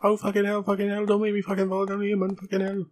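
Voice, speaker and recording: Man doing a high, yelling, cursing old Santa in a panic, noisy recording. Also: monotone, fast talker, close to an everyday voice. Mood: panicked. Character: frantic swearing old Santa Claus.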